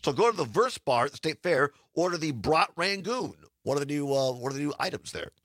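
A man's voice: fairly high pitch, lively intonation, brisk, fairly bright tone, no echo, studio quality. A man hosting a casual radio talk show, chatty and laughing often as he reads promos.

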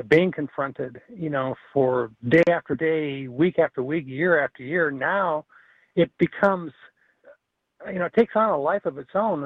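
A man's voice: fairly high pitch, no echo. A man as an earnest radio caller, tinny phone line, dry sound. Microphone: telephone.

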